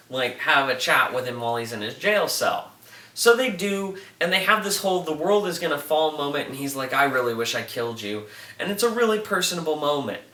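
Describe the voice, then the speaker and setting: Excitable man rambling in an echoey room. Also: fairly high pitch. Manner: rambling, excitable, makes sound effects. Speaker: TV review vlogger. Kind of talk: casual episode review. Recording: echoey room, mic at a distance, faint noise.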